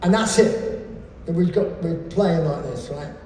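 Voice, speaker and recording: A man's voice: a little high, a little slow, a little hiss or hum. An English man in his sixties, a keynote speaker telling sweary comic stories on stage. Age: 60s. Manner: sweary, animated anecdotes. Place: large live venue. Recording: echoey hall from far off.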